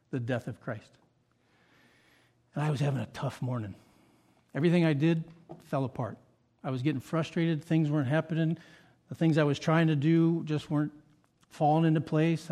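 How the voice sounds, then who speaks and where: A man with a fairly high voice preaches, shifting between booming, emphatic points and hushed moments of reflection.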